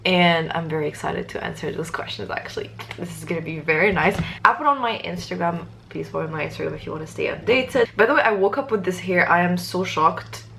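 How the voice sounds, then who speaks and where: A young woman from Morocco, an exchange student, chatting casually and excitedly to the camera with lots of fillers. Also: on the low side, a little fast, creaky, hardly any pauses, slight background noise. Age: young adult.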